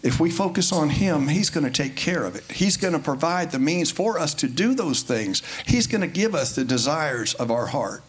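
A man preaching a folksy, conversational sermon in a church, building to emphatic high points. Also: lively intonation, moderate pace, hardly any pauses. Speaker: lay preacher. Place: church sanctuary. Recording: faint background noise.

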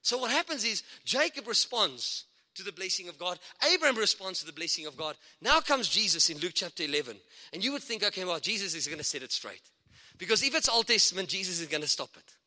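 Guest preacher, male, high bright voice, swoops around a lot, long church-hall reverb. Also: fast talker. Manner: animated, excitable preaching with asides and laughs. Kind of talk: sermon.

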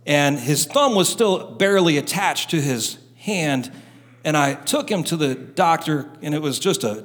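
A man's voice: on the high side, fairly bright tone. A middle-aged man preaching a fervent sermon as a pastor, acting out short doubting voices as he goes. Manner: fervent, preaching with rising intensity. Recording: hall reverb, live church sermon.

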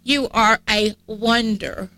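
Middle-aged woman preacher, emphatic repetitive sermon cadence, tearful, bright tone, dry close sound. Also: a little high, fairly even intonation, slow, no room sound. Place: church sanctuary.

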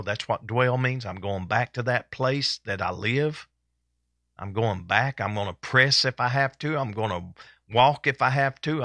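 A male pastor preaches with fervent, homespun energy, driving his points home by repetition. His voice sits at a middling pitch. The sound is dry and close. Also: sharp tone, no echo. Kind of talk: sermon. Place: church service.

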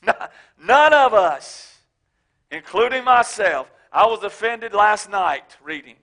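A man preaching a sermon as pastor, swinging from shouted emphasis to low, joking asides. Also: lively intonation, takes it slowly, long pauses. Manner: casual, joking, speaks of his wife.

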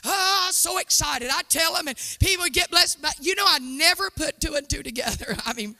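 A woman preacher telling her testimony in an animated, exclaiming sermon style before a live church audience. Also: high-pitched, fairly quick, faint music behind. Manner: animated storytelling, exclaiming and laughing.

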